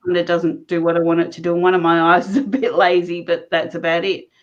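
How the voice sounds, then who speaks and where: A woman guest recounting her own story in conversation, animated and laughing often as she talks. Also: fairly low pitch, fast. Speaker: interview guest. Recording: dull lo-fi recording.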